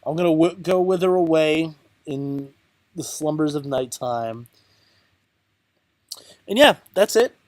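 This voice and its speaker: A man drawls slowly through casual gameplay commentary, muttering, counting out loud and joking at his own expense. His voice sits close and dry with no room sound around it. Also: on the high side, expressive, no room sound. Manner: rambling, self-mocking, mutters and counts aloud. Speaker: channel host playing a card game.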